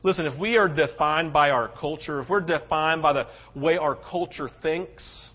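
A male pastor preaching a sermon, passionate, swinging between loud urgency and hushed tenderness. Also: on the high side, moderate pace. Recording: dull lo-fi sound.

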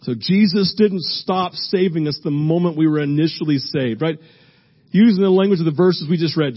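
Male pastor, fairly high voice, emphatic sermon delivery with repeated phrases, dull lo-fi recording.

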